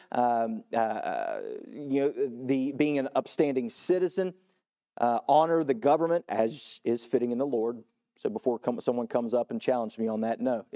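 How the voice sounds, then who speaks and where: Earnest pastor with a mellow voice. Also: male voice. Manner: earnest, rising to emphatic peaks then dropping low; repeats and restarts words. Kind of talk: sermon.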